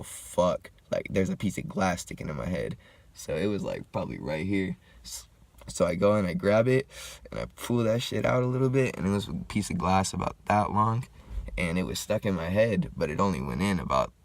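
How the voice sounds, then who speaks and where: Deep, gravelly young man, laid-back and slangy. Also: no echo. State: high, smoking while talking. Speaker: vlogger. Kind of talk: casual storytime.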